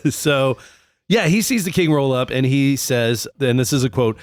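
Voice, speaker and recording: Medium-pitched and animated, this young podcast co-host takes his time as he recounts history with jokes, profanity and silly voices. The studio-quality recording is dry.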